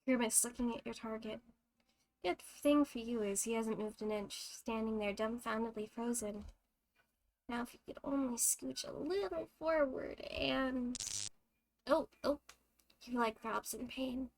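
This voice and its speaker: A woman's voice: on the high side, unhurried, gravelly. A woman streamer reading a visual novel aloud, narrating unhurriedly with casual asides.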